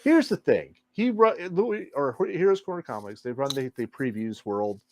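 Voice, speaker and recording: A man's voice: mid-range voice, expressive, moderate pace, no room sound. A laid-back man co-hosting a casual chat, unboxing and showing items while playing along with jokes. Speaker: co-host.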